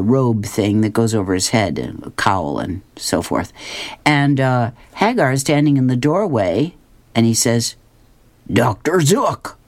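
A woman's voice: very deep voice, darkish tone. A woman radio host chattily describing comic strips on air, with an amused manner.

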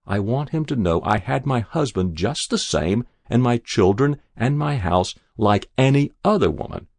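A man's voice: medium pitch, lively intonation, moderate pace, darkish tone, no echo. A man reading the lines of a dying old woman who is peevish and scolding. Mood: pleading. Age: older. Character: dying old woman, stubborn and sharp-tongued.

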